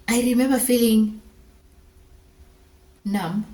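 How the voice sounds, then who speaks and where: A young adult woman vlogger telling a personal story to camera, heartfelt and emotional, with earnest, rushed, worried questions as she relives each moment. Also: mid-range voice.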